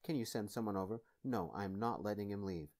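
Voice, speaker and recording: A man voicing a hostile, scornful brother in a soft-spoken ASMR story. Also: on the low side, brisk, lightly acted. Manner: scowling, accusing.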